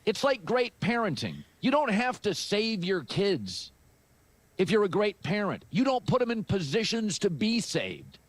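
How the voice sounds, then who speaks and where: A man giving sports commentary in a played clip, arguing his point in a measured way with analogies. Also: high voice, huge pitch swings, dry recording. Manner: measured, argumentative, uses analogies. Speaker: sports analyst.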